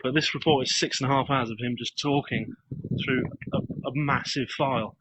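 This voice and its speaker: A man's voice: mid-range voice, steady tone, moderate pace, a bit bright, a little hiss or hum, rough recording. A man chatting casually while live-streaming from his phone on a walk outdoors. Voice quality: chatty, joking, reads out comments. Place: outdoors on a street. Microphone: phone held while walking.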